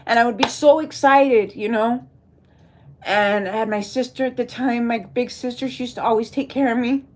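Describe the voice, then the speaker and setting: A woman's voice: fairly high pitch, normal speed. A woman from Texas talking to viewers on a livestream, rambling and emotional, reading and answering the chat as she goes. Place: at home.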